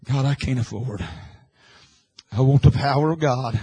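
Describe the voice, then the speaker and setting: A man preaching an impassioned sermon, swinging from hushed, quiet lines to loud, shouted ones. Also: medium pitch, a little slow, long pauses, slightly rough, rough recording.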